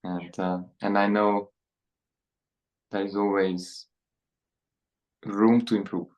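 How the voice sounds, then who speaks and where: Low-voiced reflective man guest. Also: level tone, low-quality recording. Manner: reflective, halting, with restarts. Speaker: podcast guest, speaker and author. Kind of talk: conversational interview.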